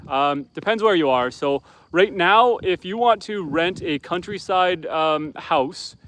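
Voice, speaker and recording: Easygoing Canadian man with a higher voice. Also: fairly bright tone. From Northern Canada. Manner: rambling, easygoing, lots of ums and restarts. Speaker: livestream host, homesteader. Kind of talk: casual livestream chat, reading viewer comments. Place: outdoors at an off-grid homestead by a bonfire.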